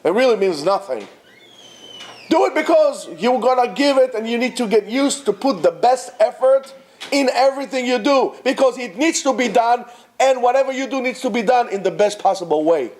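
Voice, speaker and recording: A man's voice: extremely high pitch, animated, moderate pace, darkish tone. A man, a rabbi giving an informal, exhortative Torah talk to students, mixing in Hebrew terms. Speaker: rabbi teaching at a yeshiva.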